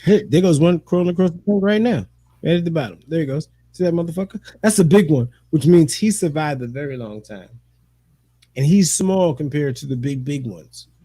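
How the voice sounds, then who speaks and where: Man host, high voice, dry close mic, animated profane storyteller, casual chat. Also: fairly quick, slightly rough, dry recording. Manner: animated storyteller, profane slang, laughs often. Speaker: podcast host.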